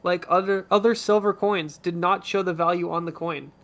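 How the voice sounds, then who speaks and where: A man's voice: high voice, steady tone, moderate pace, fairly bright tone. A man who is a podcast guest, running a trivia question in a playful, giggly way. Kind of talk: casual chat.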